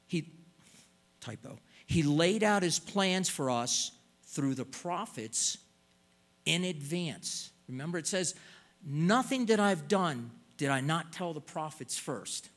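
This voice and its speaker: A man's voice: on the high side, expressive, takes it slowly, a bit bright. An older man preaching a sermon in an earnest way, stretching out words and pleading as he stresses points.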